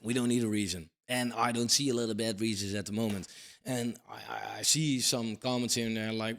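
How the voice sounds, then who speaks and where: A man's voice: fairly low pitch, fairly even intonation, a little fast, vocal fry, a bit bright. A man in his thirties giving a casual crypto commentary monologue, blunt and emphatic, swearing casually and tagging points with "right?". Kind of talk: casual talking-head monologue.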